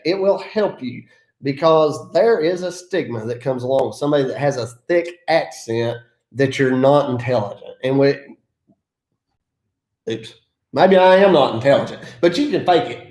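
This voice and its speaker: A man's voice: mid-range voice, moderate pace, a little mellow. A man from the mountains of North Carolina with an Appalachian accent, giving folksy, self-deprecating business advice in a casual vlog. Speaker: land clearing contractor. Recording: echoey room.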